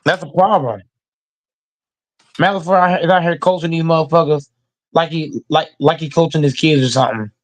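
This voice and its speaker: A man's voice: fairly high pitch, moderate pace, pauses often. A man hosting a casual sports reaction show, ranting emphatically and with heavy profanity. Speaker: host reacting to football news.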